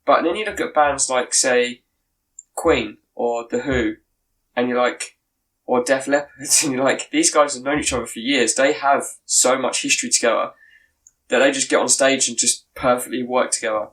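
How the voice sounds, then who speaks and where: A man's voice: mid-range voice, steady tone, normal speed, a bit bright, poor audio. A man co-hosting a podcast in casual chat, making long, opinionated points. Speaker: podcast co-host.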